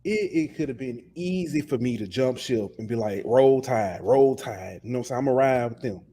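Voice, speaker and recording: Quick-paced, with a mid-range voice and dark tone, this Alabama-based man co-hosts a sports podcast. He rants with passion in a casual way, frequently repeating his words.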